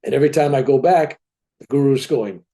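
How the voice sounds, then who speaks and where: A man's voice: mid-range voice, brisk, warm tone. An older man telling a personal story as an interview guest, acting out the dialogue as he goes.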